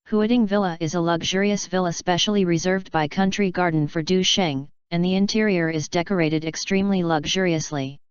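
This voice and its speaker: Smooth, clear woman narrating an audiobook. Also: on the low side, steady tone, brisk, few pauses, no echo. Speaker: audiobook reader. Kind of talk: scripted narration. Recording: slightly dull lo-fi recording.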